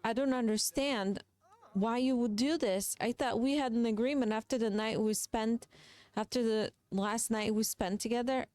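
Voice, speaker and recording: A woman's voice: on the high side, moderate pace, a little mellow, no echo, lightly acted. A woman voicing a flustered new bride who defends herself in a hurt, defensive tone.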